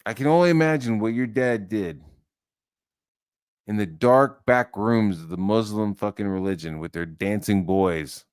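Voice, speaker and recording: A man's voice: fairly low pitch, measured pace, darkish tone, clean tone. A man delivering a profane, heated rant as an online commentator, swearing freely and mocking his target.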